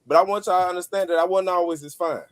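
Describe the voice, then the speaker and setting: A man joins a video call panel and brags about himself in a brash, jokey way. He talks fast in a slightly high voice. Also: steady tone. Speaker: panel guest. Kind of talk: casual joking chat on a video call.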